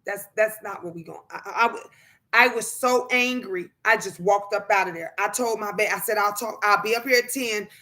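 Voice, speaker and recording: A woman's voice: mid-range voice, a little fast, sharp tone. A woman chatting casually on a livestream, greeting viewers and talking emphatically in plain, colloquial speech, repeating phrases to drive her points home. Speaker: livestreamer and mother.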